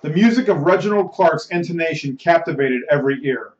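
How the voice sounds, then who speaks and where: A man reading a novel aloud as host of a bedtime reading show, measured and dramatic. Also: fairly high pitch, animated. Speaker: audiobook reader, host. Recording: roomy, slightly muffled recording.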